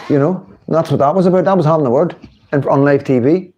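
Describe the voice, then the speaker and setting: A middle-aged man talks into his livestream in a loose, rambling way, laughing often and mocking what he's watching. His voice sits a little high for a man. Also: racing, dark tone, highs cut off. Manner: chatty, laughing, mocking political commentary. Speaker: livestream host. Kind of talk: casual livestream talk.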